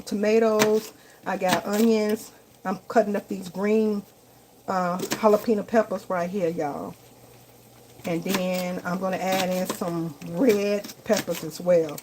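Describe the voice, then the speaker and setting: Chatty woman cooking over sizzling pans. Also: medium pitch. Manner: chatty, keeps calling viewers y'all and baby. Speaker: home cook and vlogger. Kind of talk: casual live cooking vlog. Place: home kitchen. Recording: kitchen recording with loud sizzling noise. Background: frying and sizzling in the pan.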